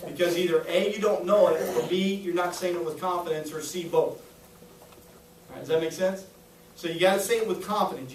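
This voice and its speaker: A man's voice: high voice, a little hiss or hum. A man giving a live sales training talk to a small audience in a room, upbeat and coaching, often checking if the room is following. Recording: echoey room, voice a little far.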